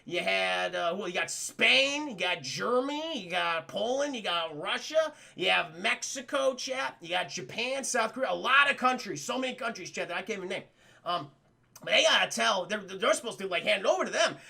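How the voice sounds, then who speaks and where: A man's voice: sits high, expressive, moderate pace, gravelly, sharp tone. A young man casually reviewing a film for his live chat, rambling, swearing and laughing as he goes. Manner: rambling, profane, addresses chat often, laughs a lot.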